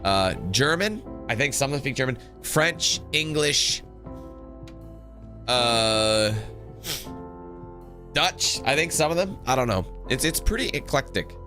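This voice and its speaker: Commentator: man, mid-pitched, bright voice, goofy, rambling and sweary. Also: lively intonation, takes it slowly, long pauses, soft background music. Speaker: gaming commentator. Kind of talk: casual let's-play commentary.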